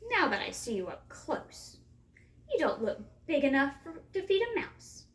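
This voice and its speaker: A woman's voice: sits high, sing-song, unhurried, a bit bright, far from the mic, pitched above the performer's own voice, heavily acted. A woman voicing a fierce, hungry male troll giant who roars his lines, in an echoey room away from the mic. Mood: roaring. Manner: roaring, gruff.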